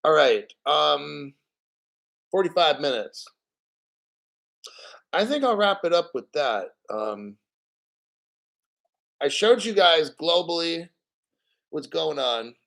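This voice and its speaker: A man on a casual livestream, talking about crypto in a loose, profane rant. His voice sits a touch higher than most men's, and he is blunt and mocking, sliding into sneering put-on voices when he quotes people he disagrees with. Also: lively intonation, takes it slowly, gravelly, long pauses, fairly bright tone. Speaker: crypto channel host.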